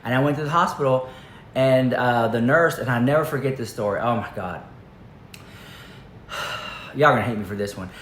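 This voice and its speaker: A man's voice: mid-range voice, moderate pace, pauses often, fairly bright tone. Male vlogger, gossipy rambling storyteller, echoey room with faint noise. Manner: chatty, rambling, filler-heavy. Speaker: commentary vlogger. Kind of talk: casual storytelling to camera. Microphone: camera.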